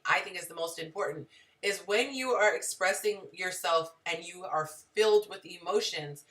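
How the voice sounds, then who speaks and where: A woman's voice: medium pitch, bright, forceful tone, distant mic. A woman hosting a live relationship advice stream, talking conversationally and greeting viewers in the chat.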